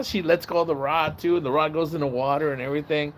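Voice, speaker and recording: A man livestreaming, telling a long casual story in a rambling, profane way and acting out the shouts and voices of the people in it. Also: on the high side, steady tone, fast talker, slight background noise. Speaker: live streamer. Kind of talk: casual storytelling on a live stream.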